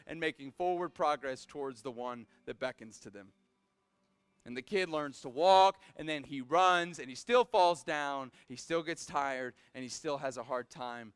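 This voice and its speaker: A man preaching a sermon to a live audience. He swings from hushed pleading to shouted exhortation and drops in casual, joking asides. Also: fairly high pitch, moderate pace, clean tone, no echo, studio quality. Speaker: pastor.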